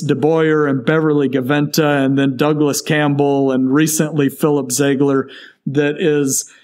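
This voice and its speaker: A man's voice: a little high, a little mellow. A man co-hosting a podcast, explaining academic theology in casual talk with frequent fillers and restarts. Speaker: podcast co-host.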